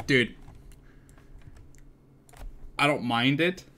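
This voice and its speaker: A young man streaming a game live and chatting casually, excitable and swearing freely as he thinks aloud. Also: mid-range voice, extremely slow.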